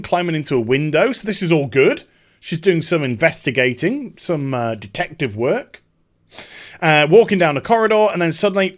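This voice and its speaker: A YouTube commentator hosts a video commentary, mocking and sarcastic with casual swearing. His voice swings widely in pitch, sits a touch higher than most men's, and has a fairly bright tone.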